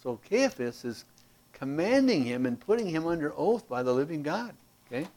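A man's voice: a little high, big pitch swings, normal speed, a little mellow. A man teaching a verse-by-verse Bible study, explaining passages and often checking in with "okay?", reading verses aloud with rising emphasis.

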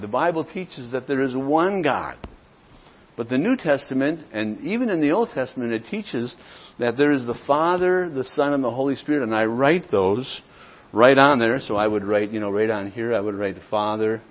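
A man's voice: medium pitch, highs cut off. A man teaching a church class on sharing the gospel, plainspoken and acting out both sides of sample conversations. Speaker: church evangelism trainer.

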